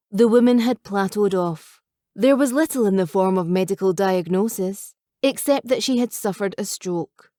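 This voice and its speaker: A woman calmly narrating a novel as an audiobook reader. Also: medium pitch, no room sound, studio quality. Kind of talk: scripted narration.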